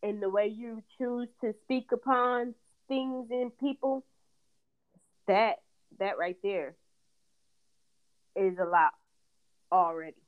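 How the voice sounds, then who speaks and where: A woman and mother chatting casually, telling lively stories and acting out what her kids say. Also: a little high, takes it slowly, pauses often, clear, resonant tone. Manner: animated storyteller acting out her kids' lines. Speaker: podcast co-host and mother. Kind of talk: casual chat. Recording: slightly dull lo-fi audio.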